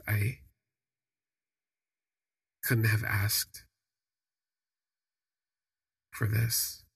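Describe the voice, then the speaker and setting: A young man recounts his own story in a reflective, halting way, often restarting his sentences. His low voice is gravelly and heavily husky. The delivery stays flat and the sound is dry and close. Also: no room sound. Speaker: podcast storyteller. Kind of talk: personal storytelling.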